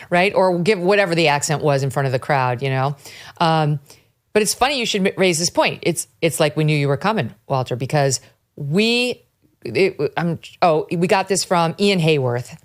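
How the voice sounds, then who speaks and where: A woman's voice: deep voice, animated, moderate pace. A woman hosting a political talk show, delivering commentary in a sarcastic, mocking tone. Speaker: host.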